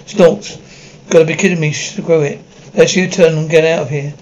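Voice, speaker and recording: A man reads a whole episode script aloud, stage directions and every part in the same plain, unacted voice. His pitch is a bit high for a man and his delivery trips over words. A faint hiss runs underneath. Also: fairly even intonation, normal speed, darkish tone, highs cut off. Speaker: script reader.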